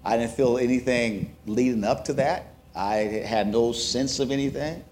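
A man giving a sermon testimony, telling a story with acted-out quotes that rise to loud, emotional peaks. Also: mid-range voice, moderate pace, a little hiss or hum. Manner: self-described introvert, plain conversational delivery. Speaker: preacher.

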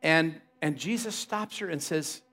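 A man's voice: on the high side, measured pace, a bit bright. A man preaching a sermon to a congregation, conversational and playful, often joking with the people in the room. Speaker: pastor.

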